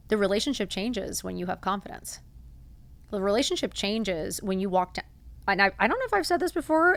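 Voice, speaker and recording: A woman in her forties hosting a casual motivational talk, animated and blunt, swearing freely and acting out little quoted lines. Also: mid-range voice, no echo. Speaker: podcast host.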